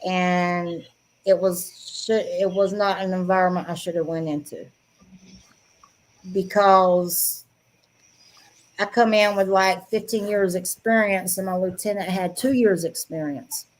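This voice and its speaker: A woman's voice: lowish voice, steady tone, a little slow. A middle-aged woman with a Southern accent, a guest telling frank stories in a casual chat, laughing often as she talks. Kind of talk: casual storytelling interview.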